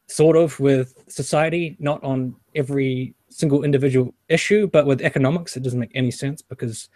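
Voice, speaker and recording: A man's voice: mid-range voice, steady tone, brisk, darkish tone, no room sound. A man in a casual online debate, talking loosely with lots of swearing and filler words over a voice call. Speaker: channel host discussing feminism.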